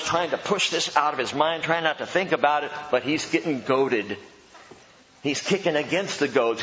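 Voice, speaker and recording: A man preaching a sermon as pastor, animated and dramatic, acting out the voices he quotes. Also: medium pitch. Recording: dull lo-fi sound, long hall reverb.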